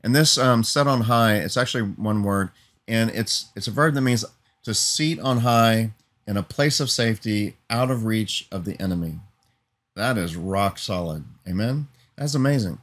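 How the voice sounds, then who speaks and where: A man's voice: on the low side, moderate pace, a bit bright. A man preaching an earnest teaching sermon, building emphatic lists and often asking "Amen?" for assent.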